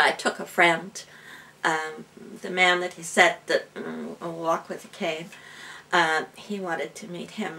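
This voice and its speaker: Woman interview guest, bright voice, lively storyteller. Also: on the low side, creaky. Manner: lively storyteller, laughing often. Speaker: guest, healer and medium.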